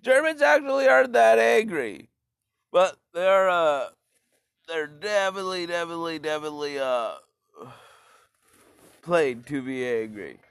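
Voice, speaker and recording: A man's voice: fairly high pitch, unhurried, creaky, pauses often, a bit bright, clear, resonant tone, no echo, studio quality. A man doing a rambling, crude comedic rant and swearing freely. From Canada.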